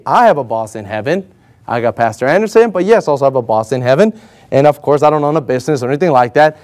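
A man's voice: a little high, darkish tone. A man preaching a sermon with energy and emphasis, firing rhetorical questions and calling for responses from the congregation.

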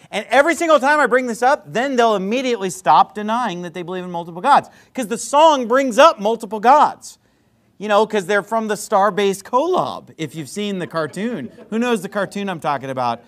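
A man delivers a sermon in a high voice. He is blunt and plain-spoken, stops and restarts often, and acts out both sides of the conversations he recounts. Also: fairly bright tone. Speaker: pastor.

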